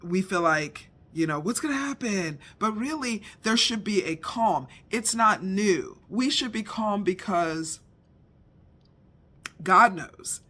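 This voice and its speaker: A woman's voice: medium pitch, expressive, slow, a bit bright. A middle-aged woman telling a personal family story as a faith lesson, acting out the voices of her household as she goes. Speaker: devotional speaker.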